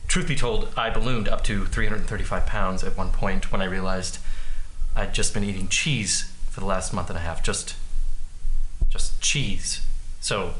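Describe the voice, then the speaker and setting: A bumbling, rambling husband. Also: male voice, deep voice, fairly even intonation, pushed and bright, a little hiss or hum, poor audio. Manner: rambling, halting explanations.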